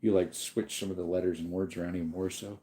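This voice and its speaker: Man, livestream host, casual chat, dark mellow tone, sleepy and yawning, reads comments aloud. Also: low-pitched, fast talker. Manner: relaxed and rambling, reading comments aloud.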